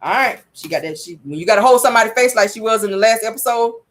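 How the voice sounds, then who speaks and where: A woman recapping a reality show episode in a sassy, animated, gossipy way. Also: fairly high pitch, quick pace. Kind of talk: casual recap commentary.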